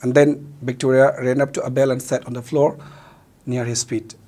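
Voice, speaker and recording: A man's voice: medium pitch, level tone, normal speed, warm tone. A male teacher with a Manipuri accent, a native Meitei speaker, explaining a play in a recorded lesson, mixing Meitei and English and glossing words.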